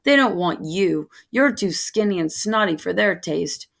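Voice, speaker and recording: A woman voicing a big, fleshy, bullying male servant who talks gruffly and mockingly. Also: fairly low pitch, expressive, measured pace, heavily acted.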